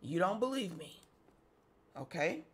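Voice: medium pitch, big pitch swings, unhurried, breathy edge. A preacher giving a sermon, reading scripture aloud and repeating phrases and rhetorical questions to the congregation.

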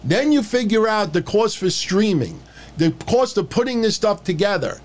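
A man's voice: sits high, very animated, moderate pace. A man hosting a casual podcast, ranting in a blunt, profane and mocking way. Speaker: podcast host. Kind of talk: casual wrestling podcast rant.

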